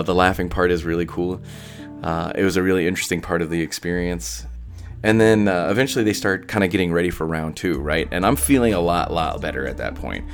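Deep-voiced man telling a story casually. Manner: rambling, many fillers and restarts.

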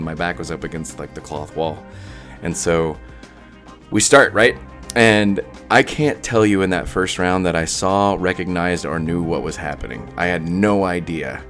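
A man recounting a personal experience in a casual, rambling way, full of fillers and restarts. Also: deep voice. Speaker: storyteller.

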